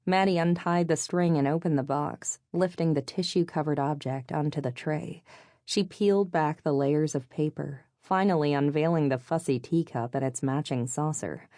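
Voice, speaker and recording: An audiobook narrator with a low voice reads a novel aloud from a script in an even, measured storytelling manner. The recording is close and dry, with no sense of a room.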